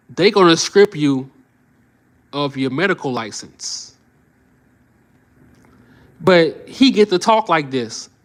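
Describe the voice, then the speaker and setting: A man's voice: a little high, fairly bright tone. A man commenting on the news on a live stream, heated and preachy, who often repeats short phrases for emphasis.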